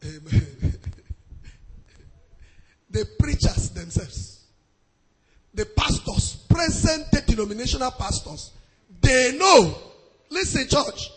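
A man preaches a sermon with a very high, ringing voice. He works slowly through each phrase, lets it swing into a sing-song, and shouts his hallelujahs. He repeats lines again and again to drive them home. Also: big pitch swings, husky. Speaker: pastor.

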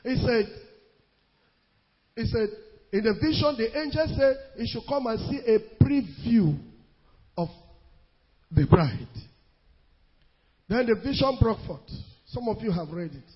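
A male preacher with a very high, husky voice. He preaches emphatically, draws out scripture quotes, and builds into shouts. The recording is dull and lo-fi, with a long hall reverb trailing each phrase. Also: lively intonation, measured pace, pauses often. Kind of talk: sermon.

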